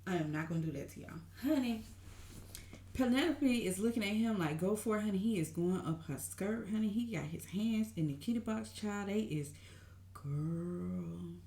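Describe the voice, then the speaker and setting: A woman giving an excited, gushing TV recap to her viewers, calling them honey and y'all in an animated way. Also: mid-range voice, moderate pace. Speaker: TV recap vlogger. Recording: roomy echo.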